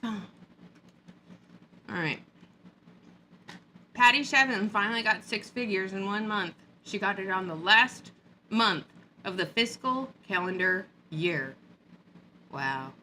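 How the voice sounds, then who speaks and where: Ranting in a hot upstairs room, a woman vlogger mocks and jeers with sarcasm in an animated, pushed, bright mid-range voice. She goes slowly, leaving long pauses, over slight background noise.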